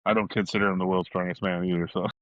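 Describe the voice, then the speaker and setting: Deep flat-voiced man, dry humor. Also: rapid-fire, no room sound. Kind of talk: casual chat. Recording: slightly dull, dry studio sound.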